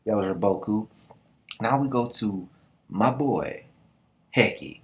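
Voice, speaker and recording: A man hosts a casual manga reaction and comments in loose slang. He often breaks into laughing asides. His voice sits on the low side. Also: measured pace, pauses often.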